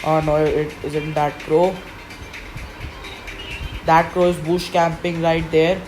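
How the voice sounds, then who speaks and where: A woman's voice: low voice, level tone, slow pace, over music, poor audio. A woman commentating her own gameplay, frustrated and complaining as she plays. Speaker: gaming commentator.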